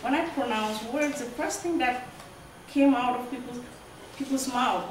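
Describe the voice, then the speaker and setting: A woman with a Cameroonian accent reads poetry and speaks between the poems with earnest emphasis. Her voice sits a little high. It comes from a distant mic in a very echoey room with clear background noise. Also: unhurried. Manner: earnest, emphatic, rising to loud stresses. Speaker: guest poet. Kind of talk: poetry reading with remarks.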